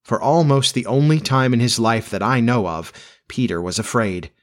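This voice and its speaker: Man narrator, mid pitch, measured expressive storybook reading.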